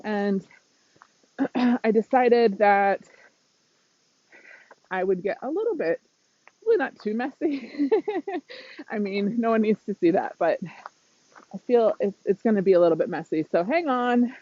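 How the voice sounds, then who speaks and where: A woman mindset coach talks openly and emotionally while out on a walk, often breaking into laughter. Her voice sits at a middling pitch. The phone recording is muffled and lo-fi, with wind around her. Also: animated, unhurried, long pauses, mellow, no echo. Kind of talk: live-streamed walking vlog. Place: outdoors on a windy walk.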